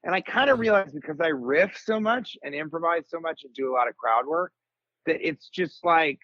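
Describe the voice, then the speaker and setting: Comedian guest, man in his forties, a bit high-pitched, rambling animated storyteller on a dry, dull podcast mic. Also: normal speed. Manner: rambling, animated storyteller, jumps into high comic voices for quotes. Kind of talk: casual podcast chat.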